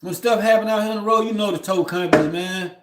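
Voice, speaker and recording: A man with a slightly high voice talks casually on a livestream, rambling through a story and looping back with "you know what I'm saying." He sounds aggrieved and heated, and his voice rings in a roomy, echoey space. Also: fast, very noisy. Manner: heated and aggrieved when telling of mistreatment. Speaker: livestream host.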